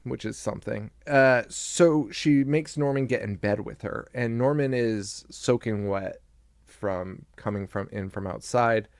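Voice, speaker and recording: A man's voice: mid-range voice, measured pace, no room sound, studio quality. A man co-hosting a podcast, recapping a film in casual, profane chat, laughing often and acting out lines. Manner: laughing, loose and profane, acts out quotes. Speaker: podcast co-host.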